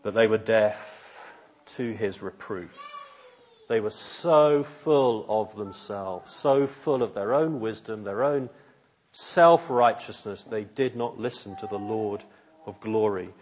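A man's voice: lowish voice, takes it slowly, darkish tone, lo-fi sound, slight background noise. A man preaching a sermon in an earnest, searching way, putting pointed questions to his listeners.

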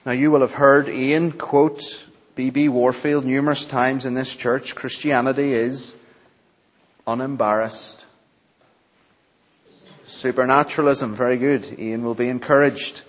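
A man's voice: medium pitch, fairly even intonation, measured pace. A man preaching an expository sermon in a church, emphatic, repeating key phrases and putting questions to the congregation. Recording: dull sound, long hall reverb.

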